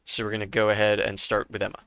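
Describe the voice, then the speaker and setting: A man running a tabletop horror game, reading the rules aloud at a brisk clip. His voice is low for a man yet bright and forceful, recorded close and dry. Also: completely flat delivery, clear, resonant tone, no echo. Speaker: game master.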